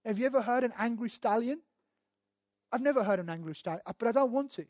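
A man preaching a sermon as a pastor, emphatic and repetitive, swelling louder as he drives his points home. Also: very high-pitched, quick pace, dry recording, studio quality.

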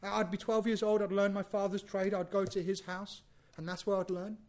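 A man preaching a sermon, lively and conversational, acting out bits of dialogue and repeating words as he goes. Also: high voice, normal speed. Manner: animated, acts out biblical dialogue, repeats himself.

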